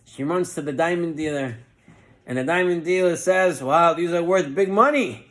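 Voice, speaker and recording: A rabbi tells a parable in a Torah class. His voice sits a little high for a man and leaps up and down as he acts out each character's lines. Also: moderate pace. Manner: animated parable-telling with lively voiced quotes.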